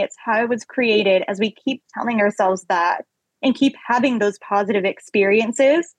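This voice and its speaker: A young woman with a fairly high, slightly husky voice speaks as a guest in a podcast interview. She tells her personal story candidly and with animation, and the recording is dry and close. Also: no room sound, poor audio.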